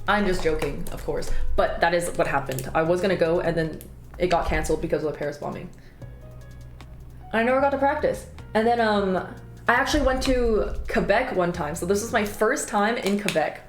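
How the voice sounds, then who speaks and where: A young woman chats casually on a stream, her voice leaping up high whenever a story gets animated, with cheerful swearing. Her voice sits at a mid pitch and rings in a roomy space. Faint music plays under her. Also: fairly quick. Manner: animated storytelling with big jumps in pitch, frequent swearing and laughter. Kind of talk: casual chat.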